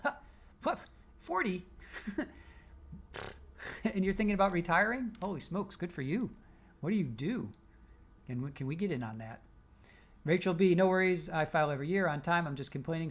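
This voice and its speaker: A man hosting a live stream, casually reading out viewer comments with teasing jokes and frequent laughs. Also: fairly high pitch. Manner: joking, teasing, laughs often. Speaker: livestream host.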